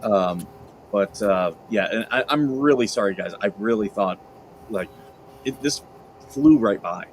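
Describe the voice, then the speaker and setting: A man with a lowish voice talks on a livestream call. He hesitates and restarts, often apologising. Faint noise sits under the call audio. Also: animated, unhurried, poor audio. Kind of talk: casual chat on a livestream call.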